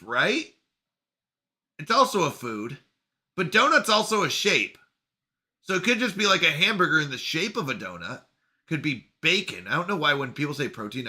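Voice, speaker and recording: A Canadian man hosting a casual live stream, chatting and joking as he reads viewers' messages aloud. His voice sits high for a man and sounds very bright and forward. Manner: playful, chatty, reads chat messages aloud, jokes about pronunciation. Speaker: live streamer reading chat.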